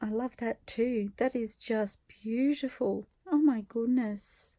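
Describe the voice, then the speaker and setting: A woman's voice: fairly high pitch, takes it slowly. A middle-aged woman in a casual craft vlog, gushing and teary as she opens viewer mail. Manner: emotional, gushing, soft-spoken with laughs and sighs. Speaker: craft vlogger.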